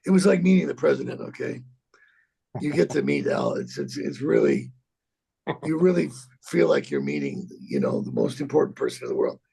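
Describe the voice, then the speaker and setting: An actor in his sixties telling a rambling, profane story in an interview, halting and repeating himself. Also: medium pitch, wildly swooping pitch, mellow. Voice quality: gravelly, husky.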